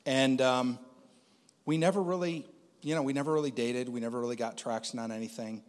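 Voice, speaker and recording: A man's voice: mid-range voice, steady tone, fairly quick, long reverb tail. A man giving a conversational personal testimony as a Christian speaker, with lots of fillers.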